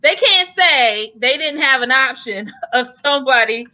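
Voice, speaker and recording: A woman co-hosting a podcast in casual, animated conversation. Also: high voice, a little slow, a crowd in the background. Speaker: podcast co-host. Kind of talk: casual chat.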